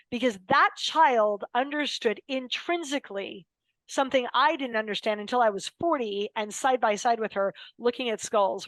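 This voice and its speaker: In a low-quality, dry recording, an American lawyer in her fifties, speaking in a slightly high voice, tells personal stories as a podcast interview guest. She is an emphatic, dramatic storyteller who acts out the quotes.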